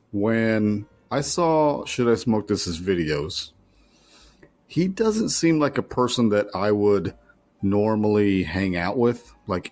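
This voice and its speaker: A man co-hosting a casual podcast, rambling bluntly and swearing offhandedly. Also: fairly low pitch. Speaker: podcast co-host. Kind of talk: casual chat.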